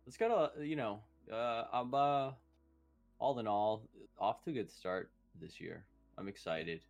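A man's voice: medium pitch, a little slow, vocal fry, faint music behind. A young man with a slight lisp co-hosting a podcast, rambling in crass, self-deprecating banter. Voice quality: slight lisp without retainers. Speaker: podcast co-host. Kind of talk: casual podcast chat.

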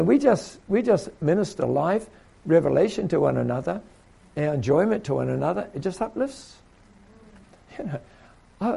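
A man's voice: a little high, gravelly, dark tone, breathy edge. A man preaching a sermon in a conversational way, repeating himself and acting out little quotes.

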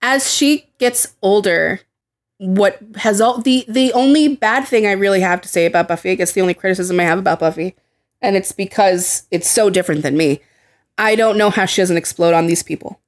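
A woman's voice: medium pitch, a little fast. A young woman co-hosting a casual podcast chat, heated and swearing freely as she acts out quotes. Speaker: podcast co-host.

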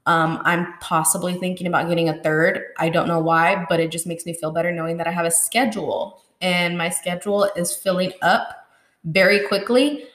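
A woman's voice: fairly low pitch, fairly even intonation, moderate pace, a bit bright. A young woman, chatting on her solo podcast at home, bubbly and rambling, full of ums and likes. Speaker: podcast host. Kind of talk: casual solo podcast chat. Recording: roomy echo.

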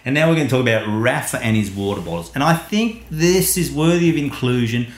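A man's voice: medium pitch, lively intonation, fairly quick. A man co-hosting a podcast, chatting casually about sport in a wry, amused way that thinks aloud. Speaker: podcast co-host. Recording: echoey room.

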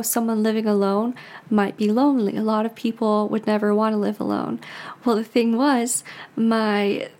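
Flat-voiced American woman in her twenties. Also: a little high. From United States. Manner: chatty, rambling, heavy use of "like", frequent restarts. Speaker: podcast host. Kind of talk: casual confessional monologue.

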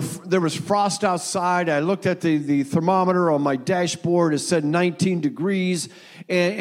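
Man, middle-aged, preaching, folksy and earnest, fairly high voice. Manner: earnest, repetitive, folksy with frequent fillers. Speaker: pastor. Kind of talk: sermon.

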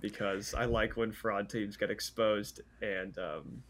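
A man's voice: on the low side, slow, a bit bright. A man co-hosting a sports podcast, talking casually with many fillers and restarts. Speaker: podcast co-host.

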